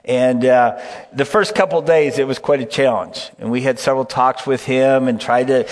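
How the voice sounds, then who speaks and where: A man's voice: medium pitch, normal speed. A middle-aged man, a pastor and camp director, tells stories in a folksy sermon and often checks in with the listeners by asking "okay?". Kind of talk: storytelling sermon. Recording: long hall reverb.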